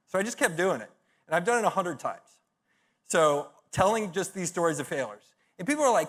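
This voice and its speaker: A man's voice: high-pitched, very animated, brisk, a bit bright. A middle-aged man giving a conference talk, telling stories in a punchy, blunt way with profane, self-mocking humor. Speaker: conference speaker.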